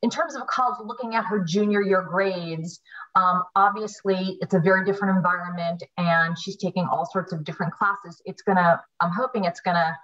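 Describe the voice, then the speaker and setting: A woman's voice: lowish voice, fairly even intonation, normal speed, fairly bright tone, far from the mic, lo-fi sound. Hesitant mother asking from the audience. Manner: hesitant, with fillers. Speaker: parent asking a question. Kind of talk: audience question.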